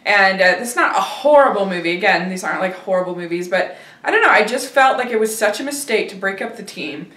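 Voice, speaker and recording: A woman hosting a film review chat, talking casually and hesitantly with many pauses and restarts. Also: mid-range voice, animated, fairly bright tone. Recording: roomy, distant from the mic.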